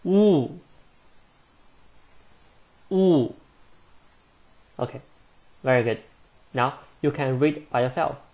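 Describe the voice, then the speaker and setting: A man teaching a beginner language lesson, speaking slowly and deliberately and modeling each sound. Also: mid-range voice, steady tone, creaky.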